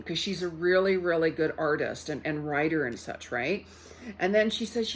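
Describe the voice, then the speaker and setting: A woman's voice: deep voice, normal speed, a little hiss or hum. A woman psychic medium giving a casual card reading to her viewers, chatty and loose, full of "like" and "you know", often repeating her words.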